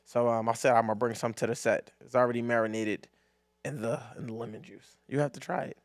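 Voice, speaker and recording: A young man co-hosting a podcast, telling casual stories with plenty of swearing and loud laughs. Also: medium pitch, fast talker, no room sound, clean studio sound. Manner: animated storyteller, swears freely, laughs loudly. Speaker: podcast co-host. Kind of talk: casual chat.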